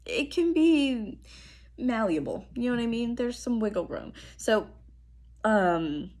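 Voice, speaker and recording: A young woman giving a casual tarot reading to camera. Her throat is strained and she talks in a chatty, relaxed way, clearing her throat often. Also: a little high, takes it slowly. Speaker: tarot reader. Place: apartment room indoors.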